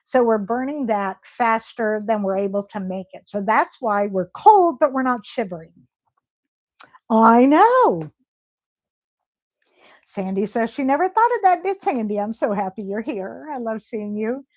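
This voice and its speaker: A woman's voice: on the high side, expressive, normal speed, hardly any pauses, a little mellow. A woman hosting a casual live stream, reading viewer comments aloud and answering them with gushing, emotional praise. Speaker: livestream host.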